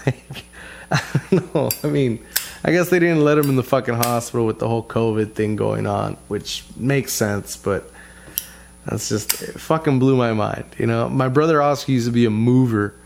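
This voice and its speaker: A man's voice: medium pitch, moderate pace, creaky, darkish tone, slight background noise. A man telling a rambling family story in casual talk, swearing constantly and repeating himself with frustration. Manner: profane, frustrated, rambling with many restarts and fillers. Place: lives in Texas.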